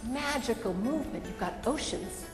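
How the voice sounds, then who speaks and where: Woman, 40s, humorous keynote speaker: theatrical, a touch high, hall reverb. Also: music in the background. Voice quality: animated and theatrical, quick bursts and dramatic pauses. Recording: long reverb of a large hall.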